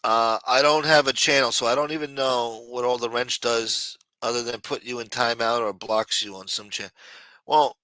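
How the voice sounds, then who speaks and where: A man's voice: mid-range voice, fairly even intonation, moderate pace, bright, forceful tone, no echo. A man hosting a late-night livestream, chatting loosely and profanely while answering viewers in the chat. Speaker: livestream host.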